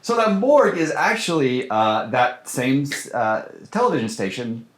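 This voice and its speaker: A film director talks loosely about his work, circling through fillers and restarts before landing his point. His voice sits at an ordinary middle pitch. The room around him rings with a noticeable echo. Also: sing-song, normal speed. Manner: rambling, hesitant, many fillers and restarts. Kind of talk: casual interview chat. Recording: roomy echo.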